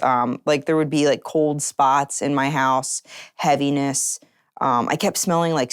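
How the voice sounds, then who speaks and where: A woman with a strikingly low, deep voice tells a personal story in an interview. She talks casually and chattily, scattering filler words through her sentences. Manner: chatty, heavy use of "like" fillers.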